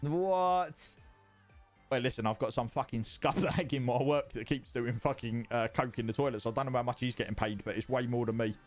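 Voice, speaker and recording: A man's voice: medium pitch, fairly even intonation, fast, hardly any pauses, faint music behind. A man streaming from home, chatting casually with viewers in a rambling, sweary way that repeats itself. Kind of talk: casual livestream chat reading viewer messages.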